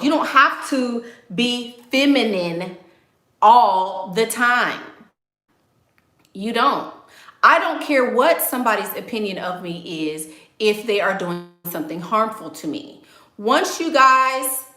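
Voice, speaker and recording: A woman's voice: on the high side, pushed and bright. A woman vlogger giving life advice in an emphatic, outspoken way, often repeating her key lines. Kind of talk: casual advice monologue. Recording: roomy echo.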